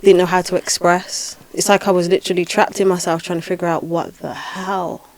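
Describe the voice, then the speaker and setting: A woman hosting a podcast, telling a spiritual experience in a lively, dramatic way with repeated phrases. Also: lowish voice, fairly quick, dry recording. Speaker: podcast host and spiritual healer. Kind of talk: casual podcast storytelling.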